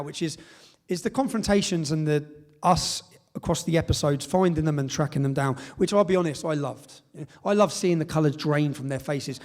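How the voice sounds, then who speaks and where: Male public speaker, slightly high pitch, emphatic stage storyteller who acts out dialogue. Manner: emphatic storytelling with tag questions and reported dialogue. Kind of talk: speech at a live event.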